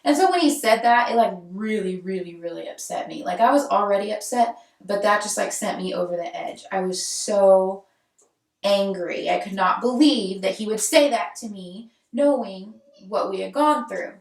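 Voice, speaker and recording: A woman's voice: mid-range voice, moderate pace, creaky, far from the mic. A young woman, telling her own story in a candid, conversational way. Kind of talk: personal storytelling. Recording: roomy echo, voice set back from mic.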